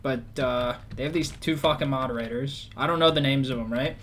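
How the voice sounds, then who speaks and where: A man's voice: medium pitch, fairly quick, a bit bright, a little hiss or hum. A man ranting in a casual, rambling way, swearing often and full of sarcasm. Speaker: vlogger. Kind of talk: casual rant.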